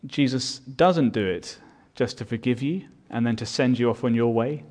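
A man's voice: medium pitch, normal speed, a little mellow. A man preaching a sermon as pastor, earnest and building in volume on his key points.

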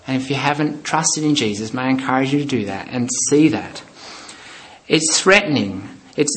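A man preaching a sermon with earnest emphasis, then leading a soft, quiet prayer. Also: on the high side, low-quality recording. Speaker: pastor.

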